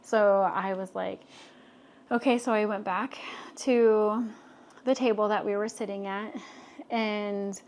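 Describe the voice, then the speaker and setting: With many fillers, a young woman who co-hosts a podcast shares a personal story in a casual, animated manner. Her voice is mid-range, and she speaks slowly with frequent pauses.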